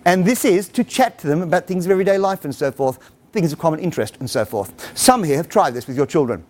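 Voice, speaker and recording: This fast-talking middle-aged man has a voice on the high side. Speaking to parents about parenting with humor, he tells animated stories and acts out exchanges.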